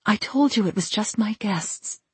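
A woman reading the part of a flustered woman who keeps up a forced airy brightness. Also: mid-range voice, expressive, measured pace, slightly rough, no room sound. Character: Edith, flustered woman hiding something.

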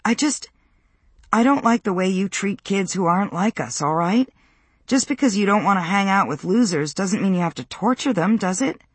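A man's voice: high voice, lively intonation, normal speed, slightly rough, no echo, voice pushed up. A reader doing an anxious, pleading teenage girl.

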